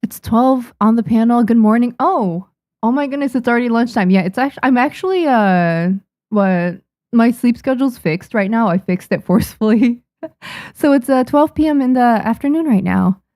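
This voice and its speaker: This young adult woman, a manga artist, has a somewhat high voice with a darkish tone and a normal pace. She chats casually on a livestream at her desk microphone and thanks viewers, often saying um, in a dry, studio-quality recording.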